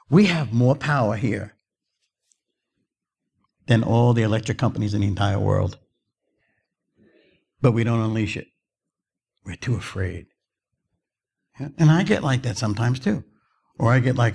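A man's voice: mid-range voice, a little slow, gravelly, pauses often, a little mellow, breathy edge. A middle-aged man preaching a sermon, telling stories and rising to fervent emphasis. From New Jersey.

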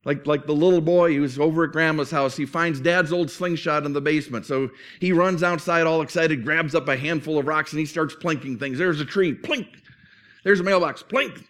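A man's voice: fairly high pitch, steady tone, fairly quick, few pauses, fairly bright tone. A man preaching a sermon as pastor, earnest and conversational, often restarting phrases.

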